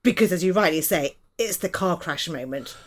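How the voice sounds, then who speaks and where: A woman's voice: lowish voice, animated, normal speed. A woman hosting a casual podcast chat, chatty and affirming as she talks with her guest. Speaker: podcast host.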